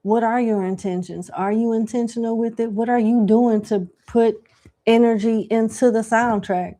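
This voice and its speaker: A woman's voice: a little high, fairly even intonation, normal speed, mellow. A woman giving live tarot question readings in a casual, slangy, chatty way. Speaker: tarot reader.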